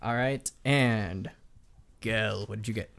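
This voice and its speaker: A man's voice: fairly low pitch, slow, gravelly, a bit bright. A man guides a tabletop game as its game master, narrating scenes at an easy pace. His voice sits in a middle register. He chuckles now and then as he describes the action.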